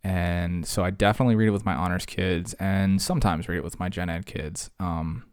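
Very deep-voiced man in casual, rambling talk. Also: fairly quick, smooth, no echo, studio quality. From Virginia, USA. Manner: rambling, heavy filler words, animated bursts. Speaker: high school English teacher. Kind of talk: casual conversation.

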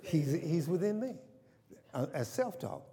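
Older pastor, mellow timbre, call-and-response sermon, long church reverb. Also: male voice, a little high, very animated, unhurried. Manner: call-and-response, asks congregation questions. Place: church sanctuary.

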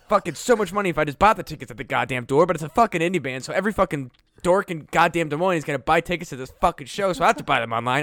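A man's voice: a little high, expressive, very fast, hardly any pauses, fairly bright tone, no echo. A young man co-hosting a comedy podcast, swearing constantly and ranting heatedly into a close mic. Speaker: podcast co-host. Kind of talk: profane comedy podcast chat. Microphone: close podcast mic with headphones.

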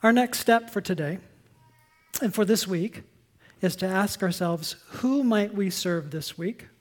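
A woman pastor delivering a sermon in an earnest, emphatic way, dropping to a soft, quiet voice for stories. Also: medium pitch, a little slow.

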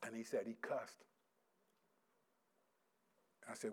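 A middle-aged male pastor preaching a sermon, reading scripture loudly and slowly, then dropping into quiet, casual stories about his sons. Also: lowish voice, flat delivery, slightly rough. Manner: swings from loud emphatic scripture reading to quiet storytelling.

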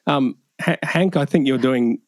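Australian male guest, easygoing and laughing, mid pitch, dry sound. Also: unhurried, dry recording. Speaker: podcast guest. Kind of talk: casual podcast chat.

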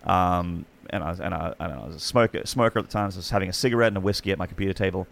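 A man in his thirties with an Australian accent, an esports commentator, tells his story during a casual podcast chat. He rambles, restarting often and using many fillers. His voice sits low, with vocal fry, and he talks very fast.

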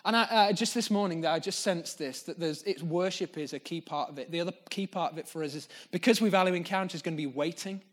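Earnest male pastor, somewhat high voice. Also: fast talker, few pauses. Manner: earnest, unscripted and reflective. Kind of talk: sermon. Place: church gathering.

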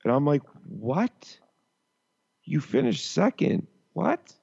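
A man's voice: fairly high pitch, big pitch swings, takes it slowly, creaky, a little mellow, husky. A man co-hosting a podcast in casual chat, often stopping and restarting his sentences. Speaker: podcast co-host. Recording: dull lo-fi sound.

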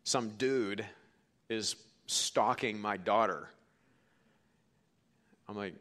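A middle-aged man preaching a sermon as pastor, telling stories and swinging from hushed to forceful. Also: fairly low pitch, drawn-out words, pauses often. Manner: storytelling, quoting others, swings from hushed to forceful.

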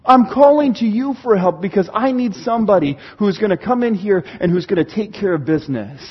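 A fervent psalmist cries out to God for rescue, as a preacher acts him out in a high, husky voice. The pleading comes through a slightly muffled recording. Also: male voice, expressive, a little fast. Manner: fervent pleading, quoted prayer.

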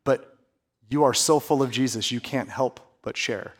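A pastor interviewing a staff member during a service, affirming and lightly teasing. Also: male voice, mid-range voice, steady tone, normal speed.

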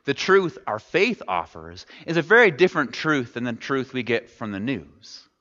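Speaking from a church sanctuary, this pastor has a mid-range voice with big swings in pitch, pushed and bright in tone, at a moderate pace. He preaches conversationally and puts questions to the congregation. The recording sounds dull amid the reverberation of a large hall.

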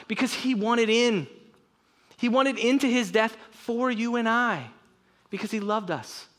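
A young man preaching a sermon, earnest and conversational, with quick casual asides. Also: high-pitched, a bit bright. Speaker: pastor.

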